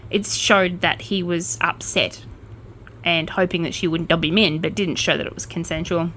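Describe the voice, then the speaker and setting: A woman's voice: fairly low pitch, fairly even intonation, normal speed, fairly bright tone, a little hiss or hum. A woman hosting a casual true-crime podcast, blunt and opinionated, with swearing and jokey asides. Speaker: podcast host.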